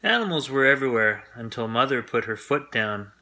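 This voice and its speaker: A man reading a children's picture book aloud as a bedtime story in a gentle, friendly way. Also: mid-range voice, lively intonation, fairly quick.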